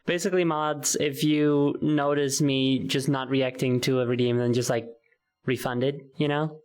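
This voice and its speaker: A woman's voice: very deep voice, steady tone, normal speed, darkish tone. A woman streaming in VR, chatting casually through a headset mic and laughing often. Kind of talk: casual chat while streaming in VR.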